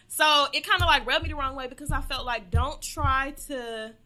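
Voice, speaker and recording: A young woman talks candidly on a podcast, animated and quick to laugh, never holding back a curse. Her voice is bright and forceful, pitched a touch high. Faint music plays behind her. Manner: animated, candid, swears freely, laughs often. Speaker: podcast co-host. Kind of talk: casual podcast chat.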